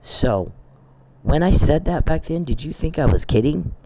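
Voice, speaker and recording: A man's voice: a little high, lively intonation, unhurried, noisy background. Taunting, profane man ranting. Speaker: online commentator. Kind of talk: angry rant to camera. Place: Oklahoma.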